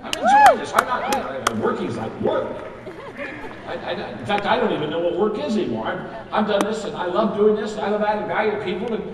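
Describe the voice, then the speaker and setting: A man's voice: sits high, animated, fast talker, heavy background noise. Older man speaking in a big echoing hall. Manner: folksy storytelling, quotes imagined audience voices. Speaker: keynote speaker. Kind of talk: motivational stage talk. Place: large event hall. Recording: echoey hall with crowd, from far off. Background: live audience laughter.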